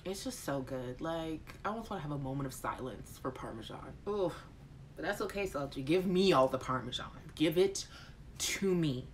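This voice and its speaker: Animated woman hosting a live chat. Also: low-pitched, moderate pace, slight background noise. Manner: animated, joking, exaggerated outrage; addresses chat viewers by name. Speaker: host. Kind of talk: live chat show, reading viewer comments.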